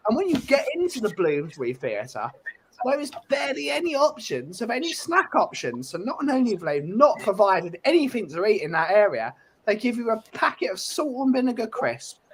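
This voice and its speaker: A man's voice: high voice, huge pitch swings, normal speed, husky, poor audio. A man, co-hosting a casual podcast chat, ranting with swearing and comic exaggeration. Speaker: podcast co-host.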